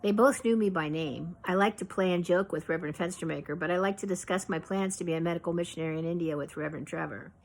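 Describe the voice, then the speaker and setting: A woman reading her own memoir aloud in a measured, reflective way. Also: on the low side, vocal fry, slight background noise, low-quality recording.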